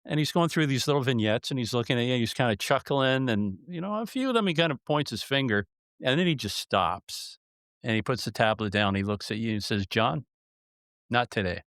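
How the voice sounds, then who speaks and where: A man hosting an interview talks in a relaxed, middle-pitched voice with a close, dry sound. He builds a playful hypothetical scene at an unhurried pace, setting up a question for his guest. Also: clear, resonant tone, dry recording. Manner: spins a long playful hypothetical scenario, laid-back. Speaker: podcast host. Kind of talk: conversational interviewing.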